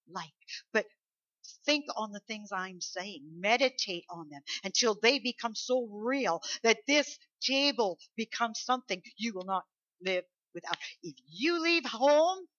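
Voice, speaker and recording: A woman's voice: on the high side, expressive, a little slow, fairly bright tone, no echo. A woman preacher giving a sermon, talking emphatically and conversationally and asking the congregation rhetorical questions. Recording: dull lo-fi recording.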